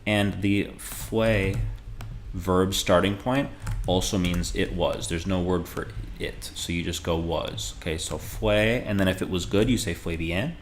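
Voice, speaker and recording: A man with a very deep, low voice talks through a beginner lesson in a relaxed, conversational way. He slows down to model each phrase clearly. Faint room noise and keyboard typing sit quietly in the background. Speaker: Spanish teacher. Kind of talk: casual video lesson.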